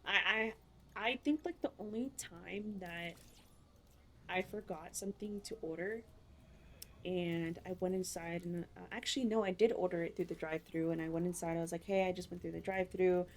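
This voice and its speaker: A woman's voice: on the low side, normal speed. A woman co-hosting a casual podcast chat, telling stories bluntly with plenty of swearing. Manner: blunt, profane, rambling storyteller. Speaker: podcast co-host.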